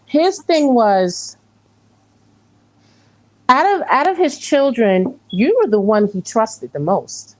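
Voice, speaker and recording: A woman's voice: fairly high pitch, very animated, unhurried, a little mellow, rough recording. Reassuring woman giving a psychic reading. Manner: reassuring, repeats phrases for emphasis. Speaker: tarot reader.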